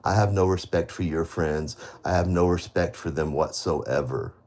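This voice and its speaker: A man with a somewhat low voice rants bitterly on a live stream, hammering the same accusations over and over and swearing heavily. His speech rambles, with frequent restarts and trailing half-sentences. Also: moderate pace, a little mellow. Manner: bitter, accusing, repeats himself. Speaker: livestreamer. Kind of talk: live stream rant to viewers.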